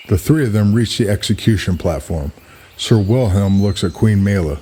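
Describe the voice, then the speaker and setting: A man narrating a scripted story in a measured, even way, with music behind. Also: fairly low pitch, breathy edge.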